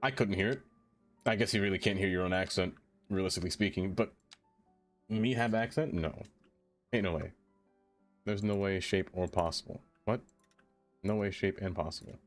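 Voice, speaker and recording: A man streaming a city-building game, chatting loosely and answering his viewers in a rambling, self-deprecating way. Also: low-pitched.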